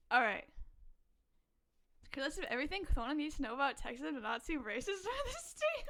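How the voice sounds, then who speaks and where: A woman's voice: sits high, wildly swooping pitch, unhurried, long pauses, fairly bright tone. A young woman streaming live, chatting casually with her audience, giggling often and answering chat in a playful, swearing way. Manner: giggly, laughs often between lines.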